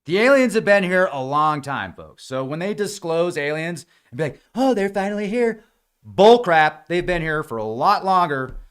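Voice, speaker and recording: A man hosting a podcast in a casual, rambling monologue, sarcastic and prone to mimicking gullible people, talking with a dry mouth at high altitude in the mountains. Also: lively intonation, moderate pace, hardly any pauses, a bit bright, smooth. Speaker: podcast host.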